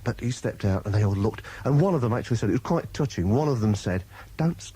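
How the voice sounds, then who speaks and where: A man's voice: lowish voice, fast talker, breathy edge, low-quality recording. A man presenting on radio, telling a long anecdote in casual chat, laughing and acting out voices as he goes. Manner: animated, laughing, acts out voices in his stories. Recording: 1980s radio broadcast.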